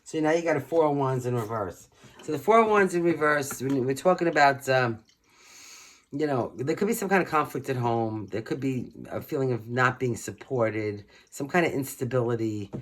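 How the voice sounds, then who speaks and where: A man from Brooklyn with a New York accent, hoarse and losing his voice, giving a chatty, emphatic tarot reading and clearing his throat often. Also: mid-range voice, lively intonation, normal speed. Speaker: tarot reader. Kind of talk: casual tarot reading to camera.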